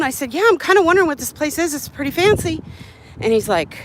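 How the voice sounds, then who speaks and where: Livestreaming outdoors on a hot city street, a woman tells a chatty story while out of breath, acting out other people's lines as she goes. Her high voice is sing-song, fairly quick, and a bit bright, and the recording is rough with slight background noise.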